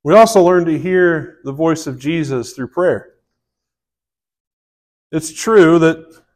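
A man delivers a sermon. His voice sits a bit high for a man, and he talks in a casual, folksy way, breaking off into asides and restarts. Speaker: pastor.

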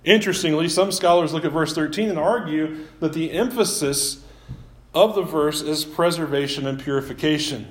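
A man gives a sermon as pastor from a live-streamed church, relaxed and conversational, often making light of himself. He talks at a moderate pace, and his voice leans high.

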